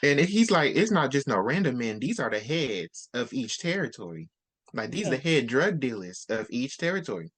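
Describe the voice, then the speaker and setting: A host in a casual book discussion, retelling the story with lively quoted character lines. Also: medium pitch, normal speed, breathy edge.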